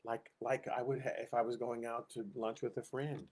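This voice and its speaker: A man's voice: medium pitch, flat delivery, moderate pace, a little mellow. A middle-aged man teaching a casual Sunday school Bible lesson, telling personal stories and acting out the voices he quotes.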